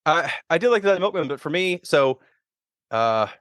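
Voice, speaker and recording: A man's voice: on the high side, moderate pace, smooth, no room sound, clean studio sound. A man, telling stories as a guest on a casual podcast chat and acting out quotes as he goes. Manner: animated storyteller, acts out quotes. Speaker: guest musician.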